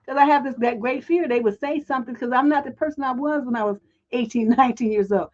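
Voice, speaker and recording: A woman's voice: high voice, fast, a little mellow, muffled recording. A woman relationship coach on a livestream advice show, talking bluntly with heavy profanity.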